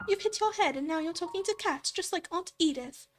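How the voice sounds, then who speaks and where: A woman putting on a flustered young girl in a storybook-style game, exclaiming with a lifted, higher voice. Soft music plays faintly behind her. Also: fairly quick.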